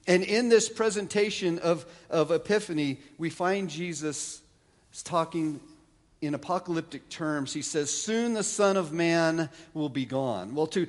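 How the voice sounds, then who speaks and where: A man preaching a sermon as pastor, lively with wry asides and frequent restarts. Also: fairly high pitch. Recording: long reverb of a large hall.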